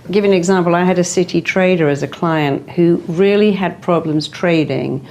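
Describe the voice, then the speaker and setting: Lively, emphatic woman therapist, lower voice. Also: moderate pace, muffled recording, a little hiss or hum. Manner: animated, acts out quoted voices and inner thoughts; emphatic, stresses strong words. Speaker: psychotherapist. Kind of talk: interview conversation.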